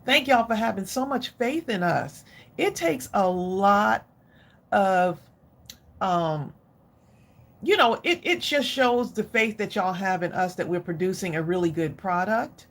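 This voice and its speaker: A woman's voice: mid-range voice, lively intonation, unhurried. A middle-aged woman hosting a crafting livestream, chatting effusively and directly with her viewers. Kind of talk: casual live chat with viewers.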